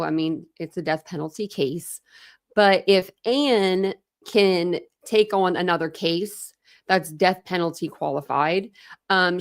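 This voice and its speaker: A woman's voice: medium pitch, dry recording, clean studio sound. A woman hosting a casual true crime livestream, chatting and greeting her viewers by name. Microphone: webcam setup at a desk.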